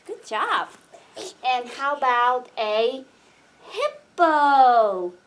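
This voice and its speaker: Woman, mother, high voice, very slow, lilting, coaxing a little kid. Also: lively intonation. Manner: slow, sing-song, coaxing, teacherly. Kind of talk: playing with a toddler.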